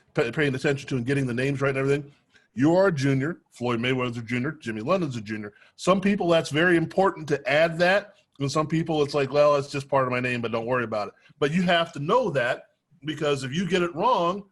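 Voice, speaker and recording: Male sports show host, slightly high voice. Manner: conversational, affirming with short replies. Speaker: interview host. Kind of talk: casual interview talk.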